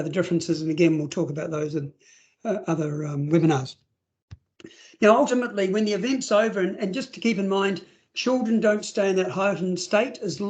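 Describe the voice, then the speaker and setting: A man's voice: high-pitched, highs cut off. A man presenting a webinar for foster carers in a conversational way, acting out scenarios and using plenty of fillers. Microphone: video call.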